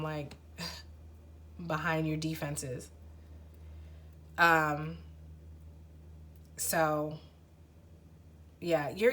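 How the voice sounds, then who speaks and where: Talking straight to the viewer, this young adult tarot reader rambles through a casual pick-a-card reading, restarting often and leaning on fillers. Her voice is lowish and a bit bright.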